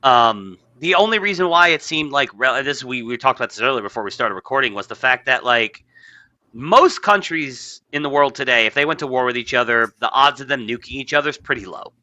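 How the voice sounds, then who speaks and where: American dude cohosting a pod, swears constantly, stumbles over words, sharp bright voice. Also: male voice, medium pitch, animated, a little fast. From United States. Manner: profane, laughs often, stammering restarts. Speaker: podcast co-host. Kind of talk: casual crude political banter.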